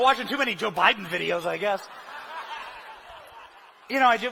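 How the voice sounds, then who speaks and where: A young man giving a live speech in a large hall, shouting in punchy bursts and at times dropping into quiet, earnest talk. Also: sits high, lively intonation, a little fast, gravelly, long pauses, husky. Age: young adult. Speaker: rally speaker.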